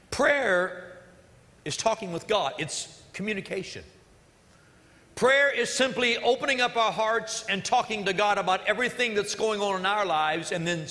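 A man's voice: high voice, pushed and bright, long reverb tail. A male pastor preaching a sermon in an earnest, emphatic way, repeating key phrases, during a church service.

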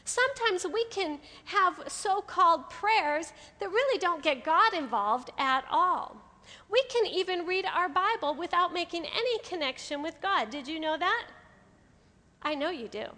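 A woman giving a sermon to a room of women, lively and playful, acting out everyday inner voices. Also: very high voice, a little slow, in a large hall. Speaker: women's ministry speaker. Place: hall with an audience.

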